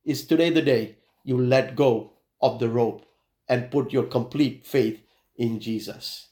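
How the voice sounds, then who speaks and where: A man's voice: medium pitch, dark tone, reverberant. A man preaching a sermon, telling an illustration and leading a prayer, with frequent fillers and restarts. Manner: halting, many fillers and restarts.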